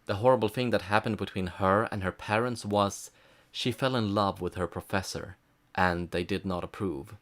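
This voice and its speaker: A man's voice: lowish voice, steady tone, moderate pace, a bit bright. A man reviewing a movie, narrating a scripted plot recap with dry, sarcastic asides. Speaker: film reviewer.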